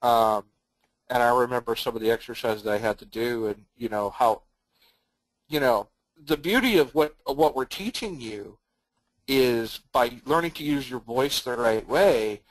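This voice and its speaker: Male co-host in a relaxed studio chat, mid-range pitch, dry mic. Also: moderate pace, dry recording, rough recording.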